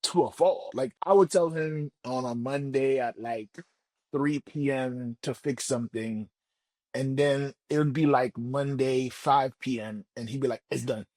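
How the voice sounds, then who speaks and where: A man working as a book coach, telling stories in a casual, colloquial, animated way and often acting out what people say. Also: mid-range voice, unhurried, no room sound. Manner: colloquial, animated storyteller who acts out quotes. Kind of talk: casual interview talk.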